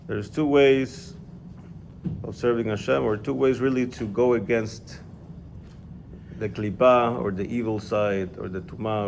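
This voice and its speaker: Male teacher, lowish voice with some fry, patient explainer in a casual one-on-one class. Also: slight background noise. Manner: explanatory, checks in with "yeah?". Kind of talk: informal religious class.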